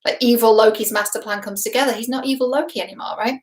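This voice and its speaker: A woman's voice: on the high side, steady tone, fast talker. Chatty woman in an echoey room. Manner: chatty, emphatic, laughs often, swears casually. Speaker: relationship expert reacting to a show. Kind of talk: casual reaction vlog. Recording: roomy echo.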